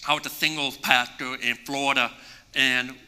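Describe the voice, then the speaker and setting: A male pastor preaching a sermon and telling a story with animated swings between hushed and loud delivery. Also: mid-range voice, moderate pace, clean tone. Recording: long reverb in a large hall.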